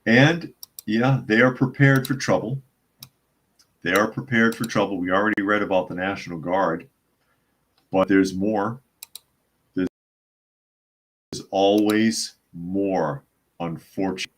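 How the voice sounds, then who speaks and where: A man's voice: lowish voice, moderate pace, long pauses, fairly bright tone, a little hiss or hum. A man hosting a casual live stream, chatting and reading viewer comments aloud between laughs. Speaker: host.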